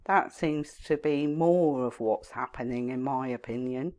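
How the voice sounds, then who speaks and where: Slow, low-voiced woman giving critical commentary. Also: mellow, a little hiss or hum. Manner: critical, measured rebuttals. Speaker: commentary host. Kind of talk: reaction commentary.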